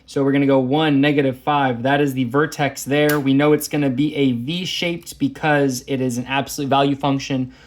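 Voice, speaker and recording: A man's voice: medium pitch, level tone, moderate pace, few pauses. A man teaching a math lesson, walking through graphing problems in a chatty, self-deprecating way. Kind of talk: casual lesson walkthrough.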